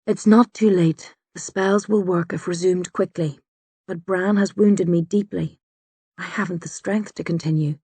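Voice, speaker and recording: A woman voicing a wounded older male druid, gruff and stubborn, speaking low and strained in an audiobook. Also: fairly even intonation, measured pace, mellow, no echo. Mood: weary.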